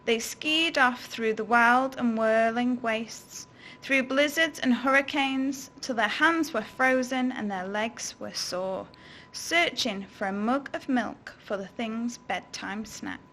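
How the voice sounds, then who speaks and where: A woman teacher reads a picture book to young children, stopping now and then to ask them questions. Her voice is bright, with a slightly high pitch. She takes each line slowly and expressively. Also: slight background noise. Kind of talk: reading a storybook to children.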